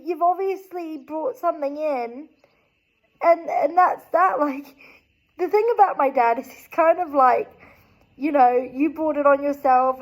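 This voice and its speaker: A woman's voice: high voice, rough recording. A young woman vlogger telling a spooky personal story in a chatty, rambling way with lots of asides. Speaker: tarot vlogger. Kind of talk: casual storytelling to camera.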